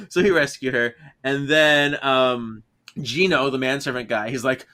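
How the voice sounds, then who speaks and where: A man's voice: mid-range voice, steady tone, normal speed, sharp tone. A man co-hosting a podcast, casually retelling an episode's plot and laughing often as he goes. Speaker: podcast co-host.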